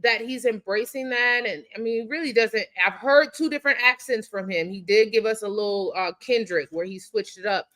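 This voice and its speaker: A woman's voice: a little high, fairly bright tone. Hesitant woman sports writer on a podcast. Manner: thoughtful, halting, many ums and restarts. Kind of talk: casual sports podcast chat.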